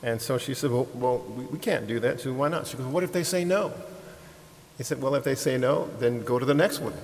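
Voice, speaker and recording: A man telling a ministry story to a congregation, animated, acting out the people he quotes, with frequent restarts and repeated words. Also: mid-range voice, fast talker. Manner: animated, acts out quoted voices, laughs easily. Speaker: ministry leader. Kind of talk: sermon-style storytelling. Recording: long hall reverb, faint hiss.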